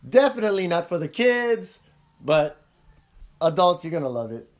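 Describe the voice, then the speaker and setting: A man's voice: high-pitched, sing-song, moderate pace. A man hosting a casual podcast, chatting about movies, acting out scenes in funny voices and laughing often. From Hawaii. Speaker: podcast host.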